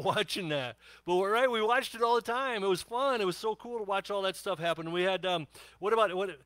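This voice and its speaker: A man's voice: a little high, a bit bright, no echo. A middle-aged man preaching a sermon, telling jokes and laughing often in a chatty way. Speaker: pastor.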